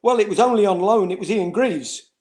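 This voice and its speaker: A middle-aged former footballer telling anecdotes in a casual interview, laughing and acting out quoted voices. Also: male voice, sits high, fairly quick, darkish tone.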